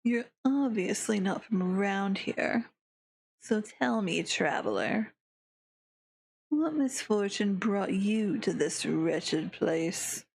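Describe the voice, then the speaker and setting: A woman's voice: medium pitch, lively intonation, takes it slowly, gravelly, darkish tone, husky, exaggerated voice. A woman voicing a languid, sneering young male monster, drawling every line with derision while reading a visual novel aloud. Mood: derisive.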